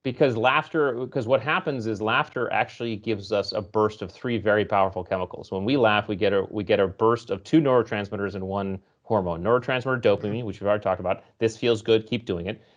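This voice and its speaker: Man, low register, explanatory storyteller, guest on a podcast, slightly dull lo-fi sound. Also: fast, few pauses. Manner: storytelling, explanatory, animated when recounting. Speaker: guest author. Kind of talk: conversational interview.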